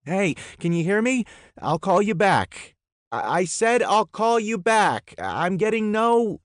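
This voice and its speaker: A man's voice: medium pitch, expressive, unhurried, darkish tone, no room sound, clean studio sound, pitched above the performer's own voice. A man voicing a wisecracking, sardonic male partner in a horror audiobook, wry and sarcastic.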